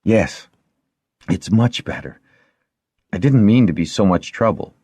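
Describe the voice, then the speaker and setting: A man's voice: fairly low pitch, animated, a little slow, dark tone, husky, no echo, pitched above the performer's own voice. A man reading a weak, wry young lord. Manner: weak but teasing.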